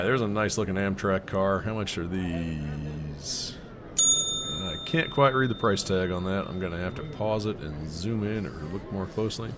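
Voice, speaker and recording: A man narrating his own vlog in a casual, rambling way, thinking out loud with fillers and little chuckles. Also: on the low side. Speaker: vlogger. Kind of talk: casual voice-over commentary.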